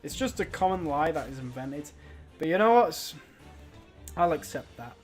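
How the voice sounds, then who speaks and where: Provocative young British man, raised pitch. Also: animated, normal speed, pauses often, faint music behind. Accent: British English. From Britain. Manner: provocative, mock-boastful, laughs at his own jokes. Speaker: game streamer. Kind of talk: casual stream chat.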